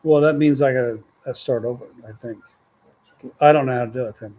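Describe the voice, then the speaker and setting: A man's voice: medium pitch, a little fast, mellow. An older man, rambling folksy stories to his grandchildren as host of a casual chat. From Texas.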